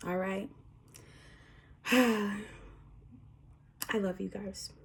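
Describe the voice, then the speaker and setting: A woman's voice: mid-range voice, measured pace, creaky, a little mellow, slight background noise. A woman delivering a spiritual message to her viewers, reassuring and emphatic, sometimes dropping to a whisper. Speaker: spiritual reader.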